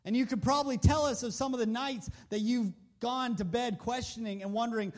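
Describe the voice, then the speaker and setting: Man, preacher, very high voice, casual sermon, emphatic, rhetorical questions, handheld mic. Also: steady tone, a little fast.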